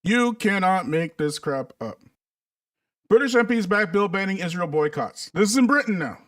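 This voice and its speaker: A man with a high, light voice talking straight to his viewers in an easy, conversational flow. He leans hard into sarcasm, dragging out mock surprise and poking fun at what he reads aloud. His pace shifts between quick asides and slow, pointed jabs. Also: expressive, recorded from a distance. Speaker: political commentator. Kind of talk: commentary stream to viewers.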